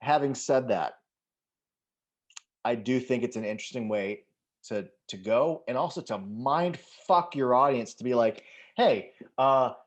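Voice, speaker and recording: On dull-sounding audio, a man with a medium-pitched voice takes his time co-hosting a relaxed movie podcast. He meanders, starts over repeatedly, uses lots of fillers and swears casually.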